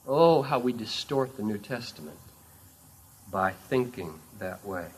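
A man preaching a sermon as a story, with dramatic swings between loud and hushed delivery. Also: on the low side, animated, measured pace, breathy edge.

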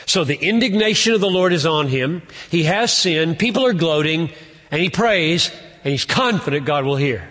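A man preaching an expository sermon, earnest, building to emphatic peaks and then dropping low. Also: lively intonation, normal speed, fairly bright tone, big-room sound. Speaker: pastor.

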